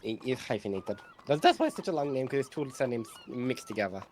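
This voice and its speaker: Fast, wildly animated man rambling. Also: mid-range voice, slight background noise. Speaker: roleplay character playing a doctor. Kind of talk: in-character roleplay chat.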